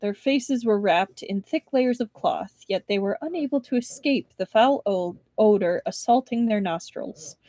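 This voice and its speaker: A woman's voice: mid-range voice, lively intonation, measured pace, few pauses, mellow, no echo. A young woman reading a novel aloud on a live stream, breaking off for chatty asides to her viewers. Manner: chatty asides between narration.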